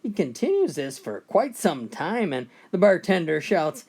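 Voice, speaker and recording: A man's voice: fairly high pitch, big pitch swings, a little slow, few pauses, a little mellow, breathy edge. A man telling a string of bar jokes in a folksy storytelling manner, often starting with "well". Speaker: joke teller.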